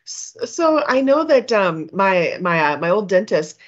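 A woman's voice: mid-range voice, very animated, measured pace, muffled recording. A woman from Minnesota hosting an interview, chatty and rambling with frequent restarts. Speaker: podcast host. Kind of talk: podcast interview.

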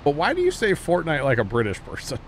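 Speaking fast in a fairly high voice with huge swings in pitch, a man with a Midwestern accent streams a game and rambles casually to his chat, full of filler words. There's a slight hiss or hum in the audio.

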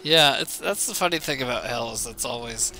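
Guy streaming a game, rambly and jokey, super bright voice, faint hiss behind. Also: mid-range voice, expressive, fairly quick. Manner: rambling, self-mocking, talks to chat while playing. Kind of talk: casual gaming stream chat.

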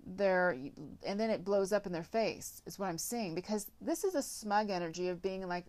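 A woman's voice: medium pitch, normal speed, darkish tone. A woman giving a casual tarot reading, rambling with lots of filler words and some blunt swearing. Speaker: tarot reader.

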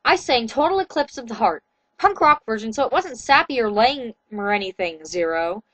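High-voiced woman reading fan fiction deadpan. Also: normal speed, no echo, low-quality recording. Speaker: reader.

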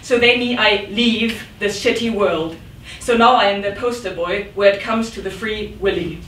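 A woman's voice: mid-range voice, measured pace, a bit bright, a little hiss or hum. A woman poet giving a live reading in a rhythmic, dramatic manner with sudden outbursts. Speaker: poet reading her work. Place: event room. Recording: echoey room, mic at a distance.

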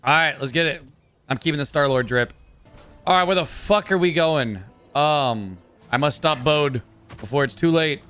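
A man's voice: a little high, moderate pace, sharp tone, clean tone, soft background music. A young adult man playing a video game and commenting with frustrated, swearing outbursts. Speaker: gaming YouTuber. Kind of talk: let's play commentary.

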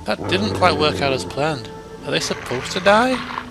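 Excitable gravelly gamer. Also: male voice, on the high side, unhurried. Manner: excitable, swings from mutters to shouts. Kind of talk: let's play commentary. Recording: game music behind the voice. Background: game music and sound effects.

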